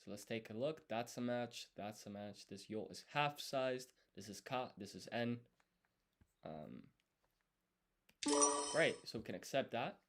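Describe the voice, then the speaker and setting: A man studying on a live stream, thinking aloud as he writes and explaining each step in a deliberate, self-correcting way. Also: mid-range voice. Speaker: language learner streaming his study.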